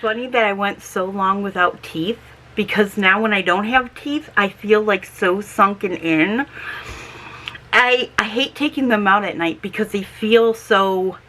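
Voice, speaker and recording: A chatty middle-aged woman talks in a casual vlog, her voice bright and forward. She speaks slowly and carefully, and her S sounds come out slightly slurred and lisping from her dentures. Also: medium pitch, a little hiss or hum. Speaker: homestead vlogger.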